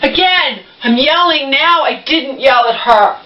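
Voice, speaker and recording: A woman's voice: high-pitched, unhurried, sharp tone. A woman venting to the camera in an agitated, profane rant. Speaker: vlogger. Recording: echoey room, distant dull mic.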